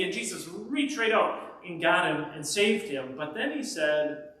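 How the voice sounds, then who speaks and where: Animated pastor telling a children's story. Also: male voice, sits high, normal speed. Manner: animated storyteller addressing kids. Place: church. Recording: echoey church from far off.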